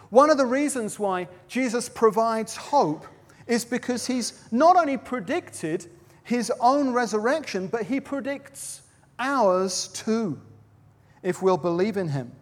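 High-voiced preacher in a hall. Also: male voice, animated, takes it slowly. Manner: storytelling, dramatic quoting with shifts in loudness. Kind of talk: sermon at a baptism service. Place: large venue with a platform. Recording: long reverb of a large hall.

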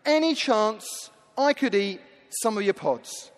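A man's voice: high-pitched, expressive, slow pace. A man playing a starving young man begging. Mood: pleading. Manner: pleading. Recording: echoey large hall.

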